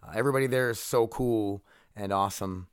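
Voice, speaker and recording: A man's voice: fairly low pitch, fairly quick, clean tone, dry recording, clean studio sound. A man hosting his own podcast, talking casually in a rambling, profane, self-deprecating way. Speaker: podcast host. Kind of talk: casual solo podcast chat.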